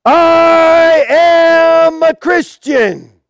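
A preacher acting out a condemned believer who will not back down, crying out in a high, strained shout and drawing every word out slowly. The voice is close and dry, with no room around it. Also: male voice, no room sound, heavily acted. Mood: defiant. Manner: slow, shouted proclamation. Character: defiant early Christian man facing execution.

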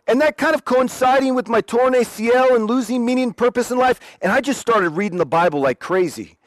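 Young man, personal testimony, animated and self-mocking, higher pitch, dry recording. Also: a little fast, few pauses, no room sound. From Oregon, USA. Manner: lively, self-deprecating, acts out quotes. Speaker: speaker sharing his faith testimony.

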